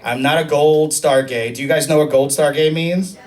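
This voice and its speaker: A man in his thirties doing a chatty, self-mocking stand-up set, jumping into high squealing impressions. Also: steady tone, moderate pace, far from the mic. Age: 30s. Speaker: stand-up comedian. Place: comedy club stage. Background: audience laughter.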